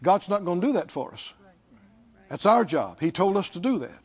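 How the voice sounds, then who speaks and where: High, lively preaching man. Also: moderate pace, breathy edge, highs cut off. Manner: emphatic, calls out to the congregation. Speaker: pastor. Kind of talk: sermon.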